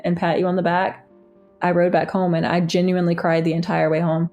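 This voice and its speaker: A woman's voice: fairly low pitch, a little mellow. A woman candidly recounting a painful relationship, reading old text messages aloud with exasperation. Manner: candid, exasperated, laughs at times. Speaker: interviewee recounting her story. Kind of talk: personal storytelling, reading texts aloud.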